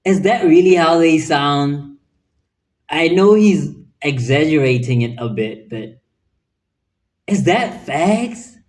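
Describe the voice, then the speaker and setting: Incredulous slow-talking reaction host. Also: male voice, a little high, lively intonation, darkish tone. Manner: incredulous, musing. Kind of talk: casual reaction commentary.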